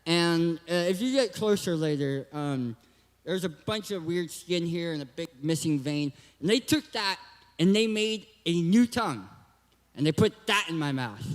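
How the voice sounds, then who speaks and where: A young guest speaker from Southern California gives a joking, hyper youth talk at a church, animated and at a measured pace. His high voice has a cartoon-like lisp, and a long hall echo trails his words.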